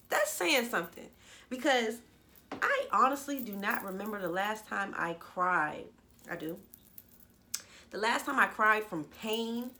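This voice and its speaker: A woman's voice: medium pitch, sharp tone. A young adult woman telling a candid, slangy story as a vlogger. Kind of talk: casual storytelling vlog.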